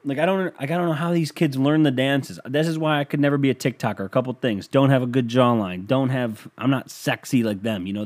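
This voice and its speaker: A man's voice: medium pitch, a little mellow. Rambling, profane young man. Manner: rambling, profane, self-mocking. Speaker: podcast host. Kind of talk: casual podcast monologue.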